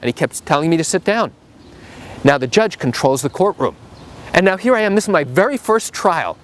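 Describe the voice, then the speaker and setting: A middle-aged man, a trial attorney, telling a story to the camera in an animated, emphatic way. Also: on the high side, a little fast, a little hiss or hum. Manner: animated and emphatic, acts out the quotes.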